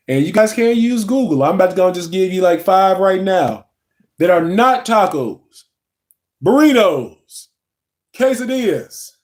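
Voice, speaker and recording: Chatty livestreamer with a drawl. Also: male voice, high voice, darkish tone. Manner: loose and chatty, reading chat aloud, yawning. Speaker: livestream host. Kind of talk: casual livestream chat.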